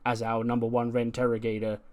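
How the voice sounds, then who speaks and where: A man's voice: mid-range voice, monotone, quick pace, natural voice. A man voicing a hesitant male wrestling authority figure who stalls with "uh"s. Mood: persuasive. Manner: hesitant, full of "uh"s.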